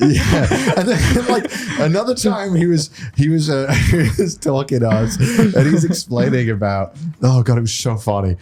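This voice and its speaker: A man's voice: medium pitch, animated, normal speed, few pauses, a loud crowd. A young man hosting a podcast, telling a story in casual chat and laughing often. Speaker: podcast host.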